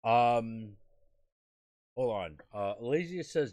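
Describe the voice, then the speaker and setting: A man's voice: medium pitch, big pitch swings, measured pace, a bit bright. A man hosting a live stream, chatting crudely and rambling through comedy sketch retellings. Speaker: livestream host. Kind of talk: casual crude chat.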